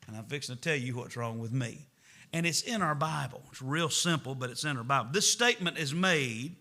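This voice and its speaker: A middle-aged pastor speaks in a fairly high, pushed and bright voice as he preaches a Wednesday night sermon in the church sanctuary. He starts out folksy and conversational, then builds into emphatic preaching.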